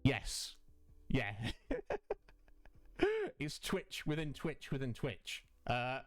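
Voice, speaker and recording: A man streamer in casual chat, effusive and chatty, warmly greeting viewers by name. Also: medium pitch, slow pace, soft background music.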